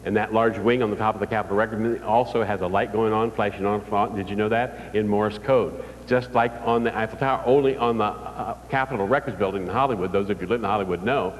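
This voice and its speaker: Older guy, lowish voice, chatty stories to a crowd, big echoey hall. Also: fairly quick, a little hiss or hum. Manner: folksy storytelling with audience questions. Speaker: motivational speaker. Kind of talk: live motivational speech. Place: large hall before an audience. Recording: distant reverberant hall recording.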